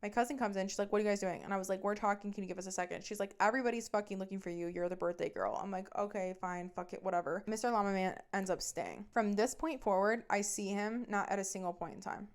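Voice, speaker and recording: A young woman in her twenties tells a story from her own life on her podcast, swearing freely and sounding exasperated. She acts out both sides of the argument as she tells it. Her voice sits at a middle pitch. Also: fairly even intonation, fast, hardly any pauses. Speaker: podcast host. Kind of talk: storytelling rant.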